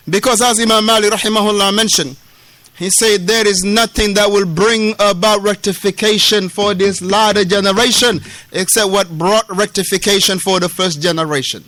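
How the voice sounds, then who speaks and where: A man's voice: high-pitched, steady tone, moderate pace, pushed and bright, no echo. A man from West Africa giving a lesson in a mosque, emphatic, repeating key phrases and mixing street slang with Arabic terms, acting out the quoted dialogue. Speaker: Islamic lecturer. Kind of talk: mosque lesson explaining a classical text.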